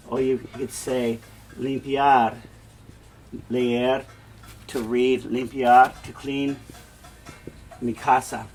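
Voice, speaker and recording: A man teaching a beginner language lesson in a classroom, patiently repeating example phrases slowly. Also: medium pitch, fairly even intonation, a little hiss or hum. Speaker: Spanish teacher.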